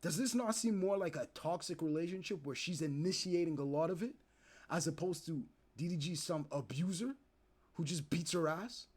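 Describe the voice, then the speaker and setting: A young man streaming, ranting to his chat in animated, profane commentary and acting out the people he talks about. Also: a little high, normal speed, slightly rough. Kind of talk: casual commentary to live chat.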